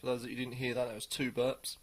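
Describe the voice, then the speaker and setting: A man giving a casual, rambling beer tasting review, pausing often as he thinks aloud. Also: medium pitch, little pitch movement. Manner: rambling, hesitant, many pauses.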